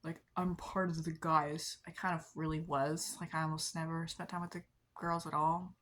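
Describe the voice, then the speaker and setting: A young woman talks casually into her camera, rambling along with lots of likes and ums. She laughs softly at herself now and then, and her voice sits a little low for a woman. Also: little pitch movement, normal speed, slight background noise. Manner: rambling, many likes and ums, soft self-deprecating laughs. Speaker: vlogger. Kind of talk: casual confessional chat to camera.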